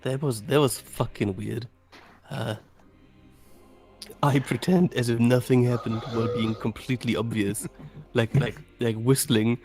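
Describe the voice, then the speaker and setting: A man's voice: medium pitch, steady tone, a little slow, pauses often, a little mellow, faint music behind. A man playing a tabletop game, casual, stammering, and swearing. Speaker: player.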